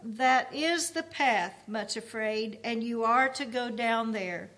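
A woman reading aloud, voicing a gentle, patient male shepherd who speaks quietly. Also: high-pitched, steady tone, unhurried.

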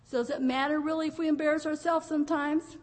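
A woman's voice: high voice, steady tone, quick pace. An older woman preacher delivering an emotional church sermon, often tearful and laughing as she tells her stories. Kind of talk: pentecostal sermon.

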